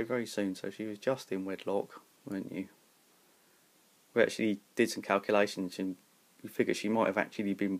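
A man chatting affectionately to his pet and to the camera at home, recorded on a tablet, still in bed early in the morning, laughing often. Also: lowish voice. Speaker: pet owner vlogger. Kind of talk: casual home video chat.

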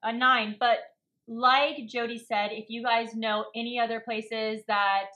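A woman's voice: fairly high pitch, steady tone, a little slow, sharp tone. A young woman co-hosting a casual mukbang vlog, bubbly and a little bossy as she runs the burger ratings. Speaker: vlog co-host.

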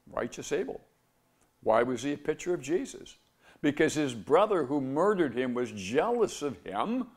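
A man's voice: medium pitch, creaky, a little mellow. A man teaching through a Bible passage in an earnest preaching manner, often asking rhetorical questions and pressing key phrases with rising emphasis.

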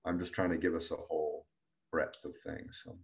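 A man's voice: extremely low pitch, level tone, normal speed, gravelly. A man teaching a relationship coaching class, earnest and explanatory. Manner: earnest, acts out partners' words in quoted voices.

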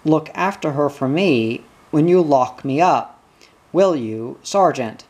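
A reader doing a guilt-ridden father confessing a crime in weary, shaky words. The voice is husky and slow. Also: mid-range voice, lively intonation, a little mellow. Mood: shaken.

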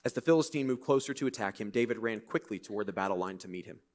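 A man preaching a sermon in a church, reading scripture and breaking into lively, conversational, joking asides. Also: lowish voice, quick pace. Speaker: pastor.

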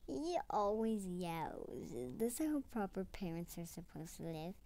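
Slow-talking woman narrating gameplay. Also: medium pitch, sing-song, mellow. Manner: playful, repeats short phrases as she types them. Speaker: gamer narrating her own play. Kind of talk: casual gameplay commentary.

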